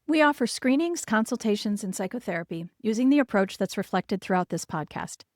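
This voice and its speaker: Calm woman child-therapist podcast host. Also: mid-range voice, a little fast, no room sound, studio quality. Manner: calm, gentle, reassuring. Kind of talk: explaining parenting advice on a podcast.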